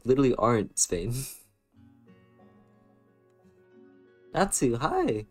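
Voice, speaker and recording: A man's voice: medium pitch, lively intonation, measured pace, long pauses, faint music behind. A young man with an American accent, chatting casually on a stream and answering chat in a rambling, playful way, full of fillers. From western United States.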